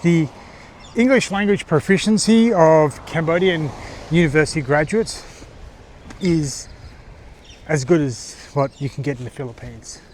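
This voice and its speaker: A man in his forties with an Australian accent, vlogging in a casual, halting monologue full of fillers and restarts, from a car on the road. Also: on the high side, a little hiss or hum. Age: 40s.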